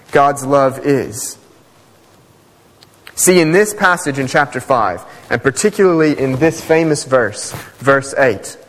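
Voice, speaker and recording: A man's voice: a little high, fairly bright tone. Emphatic male preacher in an echoey hall. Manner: emphatic, swings between fast asides and slow stressed phrases. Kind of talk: sermon.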